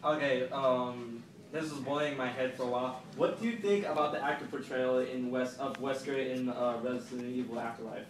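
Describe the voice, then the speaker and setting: A man's voice: mid-range voice, fairly quick, hardly any pauses. A man in the audience asking a convention panel a question, hesitant and full of fillers. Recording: echoey hall, distant, noisy. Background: hall ambience.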